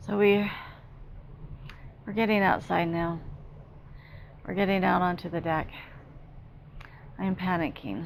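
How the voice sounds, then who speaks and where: A woman psychic medium giving an emotional, halting first-person channeling narration, repeating herself as she speaks. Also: lowish voice, steady tone, gravelly, slight background noise.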